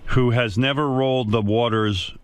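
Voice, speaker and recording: A man's voice: medium pitch, moderate pace, clear, resonant tone, no echo. A man hosting a radio talk show, with a sardonic, mocking way of talking in casual banter. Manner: sardonic, mocking, animated delivery.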